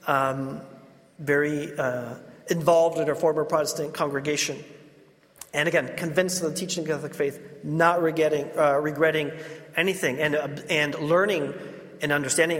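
A man's voice: on the high side, a bit bright. A man, a Catholic priest, preaching a sermon and telling stories with laughing asides. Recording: reverberant hall.

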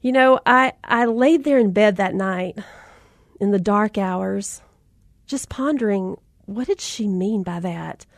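A woman's voice: mid-range voice, slow, vocal fry, dry recording, studio quality. A woman, hosting a podcast and telling a self-deprecating story in a chatty, casual way. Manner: chatty, self-deprecating, addresses listeners as mamas. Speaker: podcast host.

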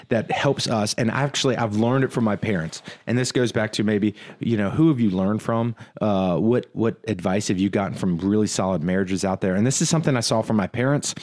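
A man's voice: fairly low pitch, a little mellow. A married man co-hosting a casual talk about marriage, speaking earnestly and often restarting his sentences. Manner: earnest, halting, many restarts. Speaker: podcast co-host. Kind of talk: casual marriage advice chat.

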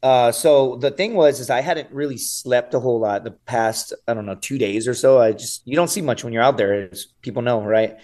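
A man's voice: medium pitch, a little fast, hardly any pauses, darkish tone. A man in his thirties, a guest on a podcast, telling a story casually and with animation, swearing freely and often saying "dude" and "right?". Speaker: podcast guest, survival show contestant.

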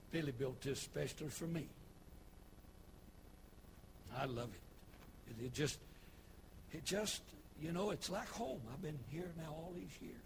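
Animated preacher, noisy recording. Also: male voice, a little high, gravelly. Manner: folksy storytelling, rising to shouted preaching. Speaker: pastor. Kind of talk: sermon. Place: church.

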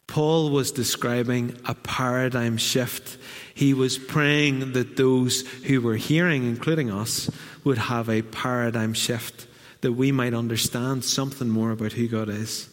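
Northern Irish preacher in a ringing hall. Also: male voice, medium pitch, unhurried. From Northern Ireland. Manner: lively, humorous storytelling with asides. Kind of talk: sermon. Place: church. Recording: long church hall reverb.

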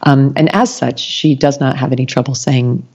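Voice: medium pitch, steady tone, moderate pace, a little mellow. A podcast guest talking casually, rambling with many ums and restarts and acting out quoted lines. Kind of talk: casual conversation. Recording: dull lo-fi sound.

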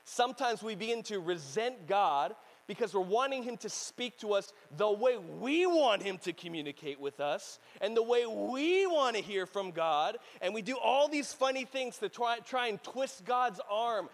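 High-voiced animated male pastor. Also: normal speed, few pauses, rough recording. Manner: animated, swings from loud to hushed, laughs often. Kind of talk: sermon.

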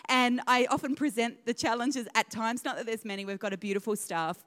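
A woman's voice: a little high, a little fast, fairly bright tone, in a large hall. A woman in her thirties with an Australian accent, a guest pastor giving a sermon in a church, chatty and self-deprecating with laughing asides. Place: church auditorium.

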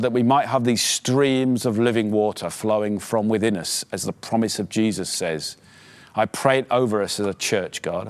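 A man preaching a sermon as pastor, exhorting his listeners fervently, his voice climbing in pitch as he urges them on. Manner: quieter, halting prayer. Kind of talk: sermon with closing prayer.

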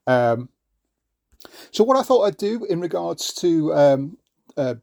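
Middle-aged guy chatting on a podcast, gravelly voice, bit rambly, dry close sound. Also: fairly high pitch, big pitch swings, slow pace, a little mellow, no room sound. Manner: rambling, many fillers and restarts. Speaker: podcast host. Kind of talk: casual podcast talk.

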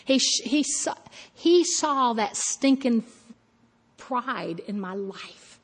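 Husky-voiced woman preaching in a hall. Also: on the high side, takes it slowly. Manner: animated storytelling, acting out her own inner voice. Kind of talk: sermon.

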